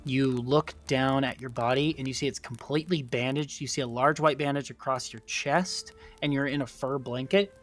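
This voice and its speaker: A man's voice: medium pitch, fairly even intonation, normal speed, few pauses. Brief: man as game master narrating a scene, casual and rambling, faint music bed. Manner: rambling, many fillers like "um" and "like".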